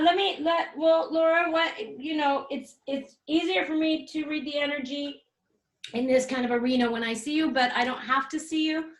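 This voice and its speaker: A woman's voice: sits high, fairly bright tone. A woman shaman guiding an energy healing over a video call, with soothing, repetitive invocations. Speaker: shaman healer. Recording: roomy echo.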